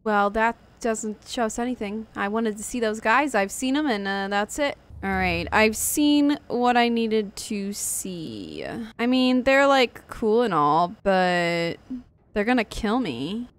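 A woman's voice: fairly high pitch, expressive, unhurried. A woman streamer giving nervous, jumpy let's-play commentary, swearing often and gasping at every scare. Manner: jumpy, nervous, swears a lot, frequent gasps. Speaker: gaming streamer.

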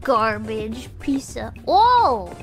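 A woman streamer gives playful, giggly commentary while she plays. Her voice sits high and bounces around a lot, and her talk is slow and unhurried. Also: very animated, soft background music. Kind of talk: casual gameplay commentary.

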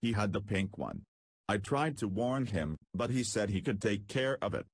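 A man's voice: lowish voice, sing-song, moderate pace, breathy edge, no echo, exaggerated voice. A man voicing an older male spaceman companion who speaks plainly and matter-of-factly. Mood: sober.

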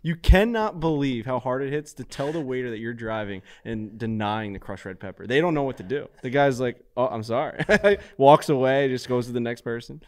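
A man co-hosting a golf podcast, telling stories in an animated way and laughing at his own jokes. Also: medium pitch, normal speed, hardly any pauses, no echo, clean studio sound. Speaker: podcast co-host. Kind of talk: casual chat.

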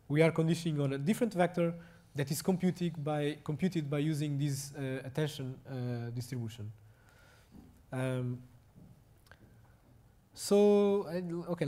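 Portuguese-accented male lecturer, halting delivery. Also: fairly high pitch, mellow. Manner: halting, many fillers and restarts. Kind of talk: technical lecture.

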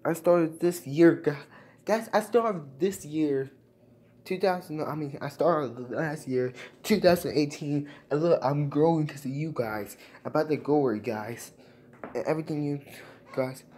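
Speaking in a mid-range voice with a darkish, slightly rough tone, a young man vlogs to his viewers. He gets emotional, repeats himself, and keeps thanking them while saying "guys" over and over.

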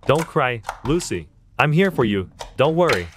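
A woman voicing an earnest, protective young man in a storytime animation, speaking softly and simply. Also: rumbling low, big pitch swings, normal speed, noisy background. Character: sweet-talking young man, protective boyfriend.

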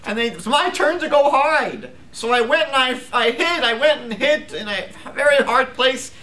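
Storytelling: man puts on a small plaintive boy, pitched up high, bright. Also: expressive, moderate pace, heavily acted. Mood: hurt. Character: small upset boy left alone in a game.

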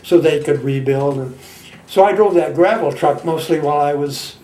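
A man in his nineties from Michigan, a veteran telling his war memories in a halting, folksy way with plain colloquial grammar. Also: fairly high pitch, mellow, roomy sound, distant mic. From Michigan, United States. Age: 90s. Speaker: veteran interviewee. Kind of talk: oral history reminiscence.

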